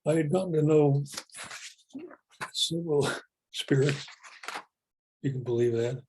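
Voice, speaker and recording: A man telling personal spiritual stories in a calm, unhurried, matter-of-fact way. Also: fairly high pitch, a little hiss or hum, poor audio. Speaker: speaker telling spiritual experiences. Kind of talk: personal storytelling.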